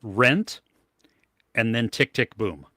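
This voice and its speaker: With a slow, sharp-toned, mid-range voice, a man co-hosts a casual movie review podcast, chatting enthusiastically, laughing often, and trailing off mid-sentence. The clean studio sound has no echo.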